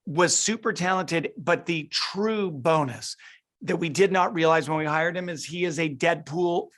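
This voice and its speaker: A man's voice: on the high side, unhurried, a bit bright. A middle-aged man, a film director, answering interview questions eagerly and often restarting his sentences. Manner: eager, restarts and repeats words as he thinks. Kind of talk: interview over a video call.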